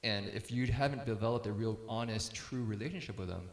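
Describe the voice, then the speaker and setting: A man's voice: fairly low pitch, a little fast, reverberant. A middle-aged man speaking casually to a group about parenting, telling stories and laughing easily as he acts out quotes.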